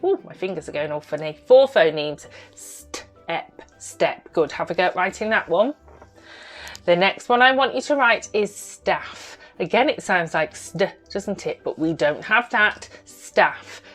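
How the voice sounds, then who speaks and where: A woman teaching a phonics lesson to young children, sounding out words slowly and praising each step. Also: lowish voice, animated, faint music behind. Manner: slow, exaggerated sounding-out of words; bright, encouraging praise.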